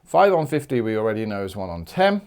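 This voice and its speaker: A man's voice: fairly low pitch, very animated, fast, a little mellow, smooth. Man from the UK, maths teacher, upbeat and chatty, jokey asides. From United Kingdom. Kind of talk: video maths lesson.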